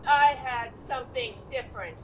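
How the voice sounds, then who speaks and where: An actress in a stage play playing a cold, scheming, power-hungry mother who speaks in a slow, commanding, controlled way. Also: sits high, noisy background, natural voice. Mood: instructing. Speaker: stage actor.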